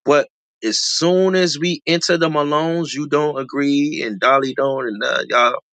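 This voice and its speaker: A reality show commentator in casual commentary, slangy and animated, repeating lines for emphasis, with a voice that jumps high when excited. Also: measured pace, dry recording.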